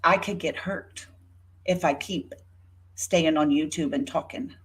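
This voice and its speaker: Slow, indignant woman in her fifties. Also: deep voice. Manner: indignant, sarcastic, speaks directly to a rival by name. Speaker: YouTuber. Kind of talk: rebuttal vlog talking to viewers.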